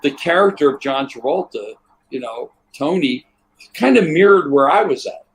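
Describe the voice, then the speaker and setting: An older man, a guest on an interview, telling rambling stories in a relaxed way and acting out the voices of people in them. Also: on the high side, moderate pace, slight background noise. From United States. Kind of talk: relaxed anecdotal storytelling.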